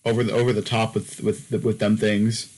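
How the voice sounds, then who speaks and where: A man's voice: fairly low pitch, little pitch movement, moderate pace, darkish tone, low-quality recording. Rambling young man in casual chat. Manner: rambling, many fillers and restarts. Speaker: podcast co-host.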